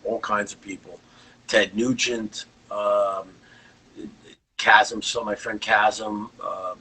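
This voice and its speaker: A man's voice: on the low side, level tone, takes it slowly, pushed and bright, breathy edge, rough recording. An older man, a guest rock guitarist, telling rambling anecdotes in a casual interview.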